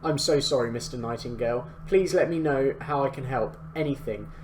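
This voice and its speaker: A nervous young shop worker, as a man reads him out, apologetic and fretful. He frets in a mid-pitched, everyday voice, with faint hiss underneath. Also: brisk, darkish tone, natural voice. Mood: anxious. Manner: anxious, fretful.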